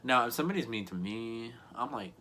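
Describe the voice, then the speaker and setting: A man's voice: medium pitch, lively intonation, fairly quick, bright, forceful tone. A young man telling a casual storytime vlog to camera, rambling and earnest, full of "like" and "you know what I mean". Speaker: YouTuber.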